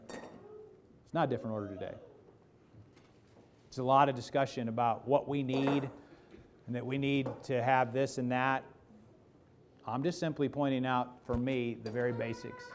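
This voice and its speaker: A man's voice: mid-range voice, normal speed, pauses often, slight background noise. A man preaching a casual sermon, joking and putting questions to the congregation. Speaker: pastor. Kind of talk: conversational sermon.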